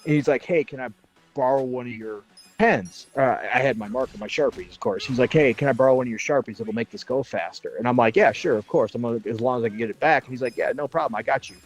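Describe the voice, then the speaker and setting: A man telling a story in animated, casual chat, swearing and laughing as he goes. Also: medium pitch, fast talker, faint music behind, low-quality recording. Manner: excitable, swears and laughs a lot. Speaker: podcast panelist.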